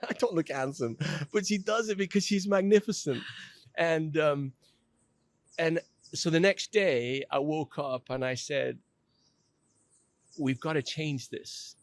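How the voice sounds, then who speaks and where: A man's voice: on the high side, no echo. Candid middle-aged man, dry close mic. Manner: emotional, self-deprecating, halting with restarts. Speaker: company president telling his story as podcast guest. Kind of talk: candid conversational storytelling.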